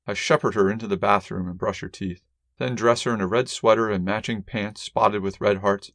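A man narrating a first-person story as an audiobook reader in a measured, wry, deadpan way. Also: lowish voice, dry recording, studio quality.

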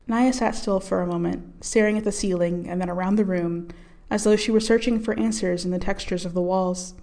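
A woman narrating a story in a calm, measured storytelling voice. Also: medium pitch. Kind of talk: scripted audiobook narration.

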